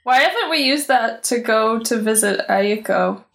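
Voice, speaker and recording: A woman player in a tabletop game podcast, deadpan and drawling. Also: fairly high pitch, unhurried, gravelly. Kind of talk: casual podcast banter.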